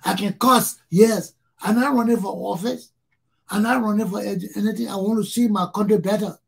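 Gravelly, very husky Liberian man. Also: sits high, fairly even intonation, moderate pace. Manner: emphatic, repeats phrases for stress. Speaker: talk show host. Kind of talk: impassioned solo monologue.

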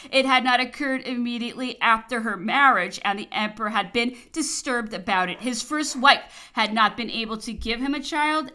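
A woman narrating a historical memoir as an audiobook, reading with expressive, varied emphasis. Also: mid-range voice. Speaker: audiobook reader.

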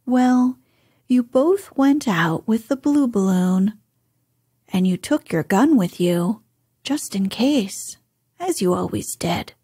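A woman reads a bedtime story in a soft, hushed whispered role-play. Her voice is very breathy and she takes her time over every phrase. The recording is dry and close. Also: on the high side, lively intonation, takes it slowly, dry recording.

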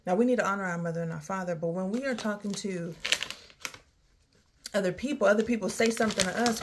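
A woman's voice: medium pitch, quick pace, pauses often, background noise. Sighing woman venting in a vlog. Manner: heartfelt, sighing, drifting into faith talk. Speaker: vlogger. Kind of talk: candid personal vlog. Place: outdoors near her home, rain starting.

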